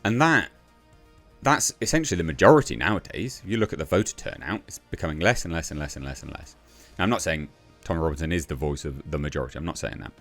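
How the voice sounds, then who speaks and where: A man's voice: deep voice, a bit bright. A man giving casual political commentary, blunt and exasperated, with mocking sarcastic asides.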